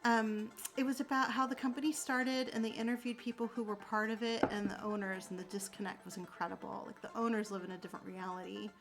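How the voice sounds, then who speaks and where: A woman's voice: medium pitch, fairly even intonation, fast, gravelly, hardly any pauses, music in the background, rough recording. A young adult woman chatting casually with her viewers. She rambles, with many fillers, and answers them sympathetically. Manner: warm, sympathetic toward viewers. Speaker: streamer answering chat. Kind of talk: casual chat.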